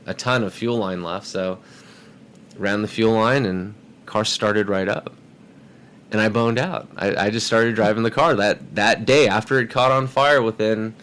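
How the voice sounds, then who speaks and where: A man's voice: fairly low pitch, slight background noise. A man telling a story in a casual podcast chat, acting out the voices of people in it. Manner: animated, acts out quoted voices. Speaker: podcast guest.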